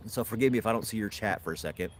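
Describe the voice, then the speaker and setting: A man's voice: on the low side, racing, slight background noise. A man hosting a casual livestream from his backyard, rambling and chatting with viewers and laughing often. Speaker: livestream host. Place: outdoors in a backyard.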